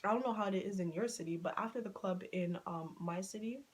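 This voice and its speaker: A woman vlogger telling a dramatic personal story in a casual, animated storytime chat, swearing freely and acting out what people said. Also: medium pitch, brisk, low-quality recording.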